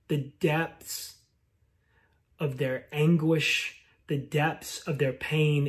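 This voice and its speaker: Slow, reflective male pastor preaching. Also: on the high side. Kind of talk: sermon.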